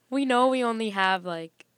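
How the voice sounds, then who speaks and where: A woman's voice: a little high, expressive, unhurried, fairly bright tone, clear, resonant tone, dry recording, clean studio sound. A young woman co-hosting a podcast in casual chat, talking freely and laughing often. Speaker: podcast co-host.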